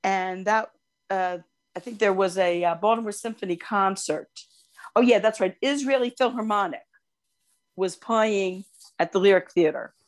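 An older woman co-hosting a podcast, telling long personal stories in casual chat, animated and quick to gush. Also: medium pitch. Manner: animated storyteller, gushing over cute animals. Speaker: podcast co-host.

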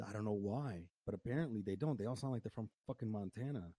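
A man's voice: on the low side, fast, breathy edge, dry recording. Profane storytelling man, dry close sound. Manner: profane, animated storytelling with impressions. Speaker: podcast host. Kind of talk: casual storytelling chat.

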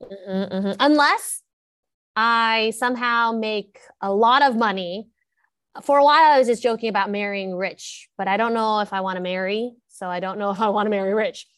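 A woman in her thirties chatting casually as a podcast co-host, animated and giggly, often trailing off mid-sentence. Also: mid-range voice, moderate pace, clean tone, no echo. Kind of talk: casual chat.

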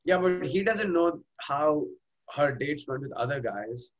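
A man's voice: on the high side, animated, measured pace, highs cut off. A man co-hosting a podcast, chatting easygoingly about a TV show with stammering restarts. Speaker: podcast co-host. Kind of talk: casual chat recapping a TV show.

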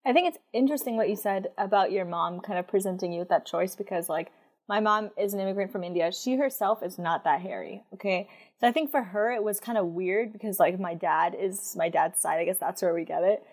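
A woman's voice: medium pitch, fairly quick. A young woman telling a personal story in casual chat, with lots of fillers and frequent laughter.

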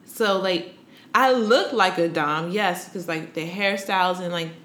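A woman's voice: lowish voice, a little slow, slight background noise. Woman rambling thru a story, lots of "like", bit of room echo. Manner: animated, acts out quoted voices, many fillers. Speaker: interview guest. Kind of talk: casual storytelling.

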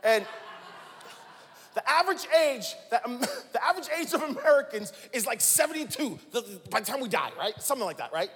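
High-voiced preacher man in his forties. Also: big pitch swings, a little fast, big-room sound. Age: 40s. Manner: dramatic swings from hushed to shouting, call-and-response with the crowd. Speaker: pastor. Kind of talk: sermon.

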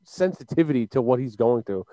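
A man's voice: medium pitch, lively intonation, fairly quick, mellow, dry recording. A man co-hosting a casual sports podcast, talking emphatically, swearing, and filling with "like". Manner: emphatic, profane, many "like" fillers. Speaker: podcast co-host.

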